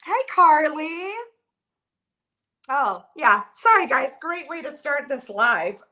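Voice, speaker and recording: A woman's voice: high-pitched, very animated, slow, long pauses, pushed and bright. A woman in her thirties hosting a casual livestream and answering viewer comments. She talks in a rambling, flustered, emotional way, full of filler words. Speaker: livestream host.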